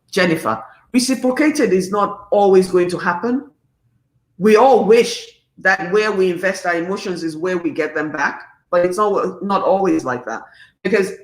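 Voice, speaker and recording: Woman, fifties, live-stream host; emphatic and animated, mid-pitched, roomy sound. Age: 50s. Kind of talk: live-stream talk reading comments.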